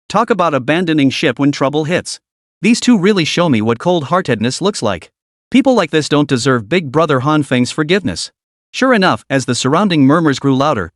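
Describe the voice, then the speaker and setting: A man's voice: a little high, dry recording, studio quality. A man giving scripted, dramatic narration of a comic story.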